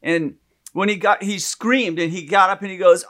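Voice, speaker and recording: A man telling a story in casual chat, animated, acting out the people he quotes. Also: high voice, normal speed.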